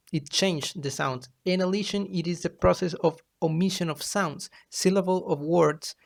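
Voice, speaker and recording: A man giving a class presentation as a student, reading from his slides in a halting way. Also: on the high side, gravelly.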